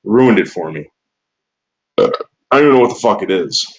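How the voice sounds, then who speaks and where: A man's voice: fairly low pitch, lively intonation, measured pace, lo-fi sound, slight background noise. A man rambling to his chat on a livestream, cursing often and repeating words as he starts his sentences. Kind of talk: rambling casual stream chat.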